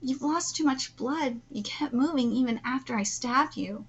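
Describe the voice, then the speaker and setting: A young female villain speaks in a soft, confessional tone, as a woman reads her lines aloud. The voice sits high and the reading stays plain and slightly hesitant. The audio is dull and lo-fi. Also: normal speed, slight background noise. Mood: subdued. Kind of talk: reading manga dialogue aloud.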